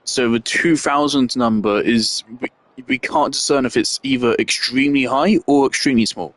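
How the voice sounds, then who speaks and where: A man's voice: mid-range voice, normal speed. A man giving casual, blunt commentary while playing a video game, swearing freely and laughing at himself. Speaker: gamer commenting on his playthrough.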